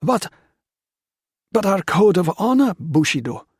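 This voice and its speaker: A man's voice: sits high, big pitch swings, unhurried, a little mellow, slightly rough, no echo, studio quality, voice pushed up, exaggerated voice. A man reading an audiobook, voicing a distraught British woman who pleads desperately with her Japanese husband. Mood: desperate, tearful. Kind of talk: audiobook character voice.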